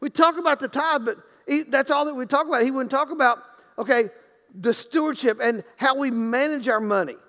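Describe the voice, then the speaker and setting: A male pastor with a very high, gravelly voice delivers a sermon in a church sanctuary. He preaches conversationally, restarting his sentences often and acting out little quotes. His voice rings with the long reverb of a big hall. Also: brisk, fairly bright tone.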